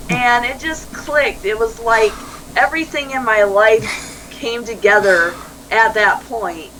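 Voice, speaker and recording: A woman talks through an interview in a bright, forward voice. She tells her stories animatedly, slipping into quoted dialogue and laughing easily. There is a faint hiss of noise in the background. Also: on the high side, a little slow, rough recording. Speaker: life coach, interview guest. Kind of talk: conversational interview.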